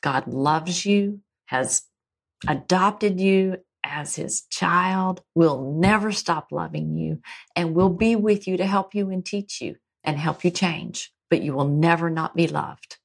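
A woman with a low voice who speaks slowly and tenderly. She lingers on key phrases as she reassures a listener in a reflective spiritual chat. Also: creaky.

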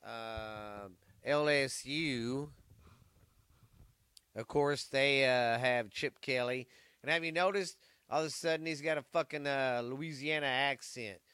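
A male sports host who rambles and swears freely through casual chat. His voice is bright and crisp, recorded close and dry. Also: medium pitch, slow, dry recording. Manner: rambling, profane. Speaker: podcast host.

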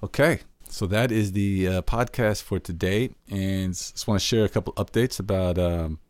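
A man with a fairly low voice talks through tips on his own podcast. He is earnest and conversational and acts out example questions as he goes. The sound is dry and close, with little room in it. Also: moderate pace, a little mellow, no echo. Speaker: podcast host. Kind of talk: solo podcast teaching.

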